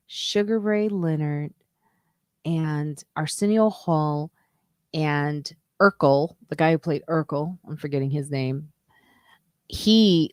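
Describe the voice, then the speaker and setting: A woman comedian with a low voice hosts a casual live stream and talks straight to her viewers. The sound is close and dry, and her chatty, self-deprecating stories wander and restart as she goes. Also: dry recording. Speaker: comedian and podcast host.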